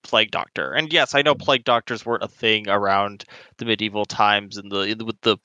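A man's voice: lowish voice, steady tone, fairly quick, pushed and bright, clean tone, lo-fi sound. A man talking casually about the tabletop campaign he wrote, often hesitating and restarting his sentences. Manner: hesitant, many restarts and fillers. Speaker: campaign author and game master. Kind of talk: casual discussion.

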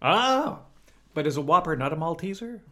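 A man's voice: a little high, big pitch swings, normal speed, pushed and bright. A man co-hosting a podcast in casual chat, rambling playfully with many restarts. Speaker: podcast co-host.

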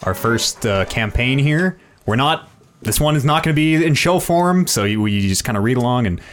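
A man's voice: mid-range voice, animated, normal speed. A man hosting a casual podcast chat, swearing freely and laughing often. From Canada. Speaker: podcast host.

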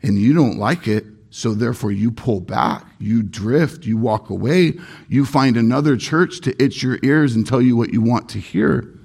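A man preaches a sermon with earnest emphasis and leans on repetition to drive his points home. His voice is gravelly and a little husky, and it sits at an ordinary middle pitch. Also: moderate pace, a little mellow. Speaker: pastor.

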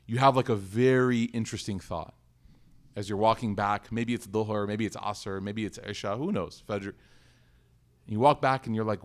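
A man teaching a sermon in a conversational, animated way, telling a personal story and asking rhetorical questions. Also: on the low side, moderate pace. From United States. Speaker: Islamic teacher.

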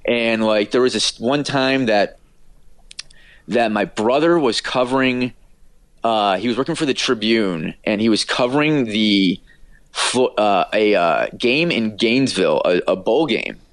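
A man's voice: lowish voice, animated, unhurried, no room sound. A man, an author and radio producer, telling anecdotes casually as an interview guest, with many fillers and restarts.

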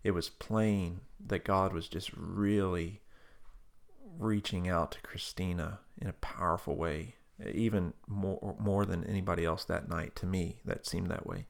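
A man with a low, gravelly voice tells a story in easy, conversational speech. His delivery is folksy and full of fillers and restarts. He often jumps into loud, animated bursts. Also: measured pace. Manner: animated, breaks into loud excited quotes.

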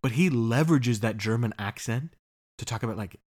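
A man's voice: medium pitch, a little fast, darkish tone. A man co-hosting a podcast in casual chat, laughing often and swearing freely. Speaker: podcast co-host.

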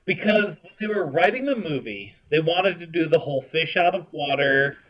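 A man's voice: a little high, animated, moderate pace, dull audio. A man co-hosting a podcast, chatting casually and explaining things at an easy pace. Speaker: podcast co-host. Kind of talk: casual chat.

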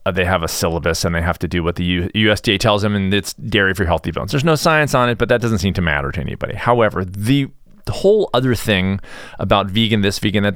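A middle-aged man talks bluntly in a casual solo podcast, telling his story with plenty of energy. His fairly low voice swings widely up and down. The sound is dry and close. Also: a bit bright, no echo. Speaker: podcast host. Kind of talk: casual monologue.

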